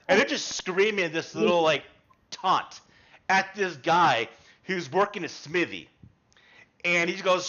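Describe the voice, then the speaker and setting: Male game master, bright and forceful, lo-fi webcam sound. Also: high-pitched, measured pace, long pauses. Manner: loose, chatty with fillers. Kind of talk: narrating a tabletop game. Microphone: webcam mic.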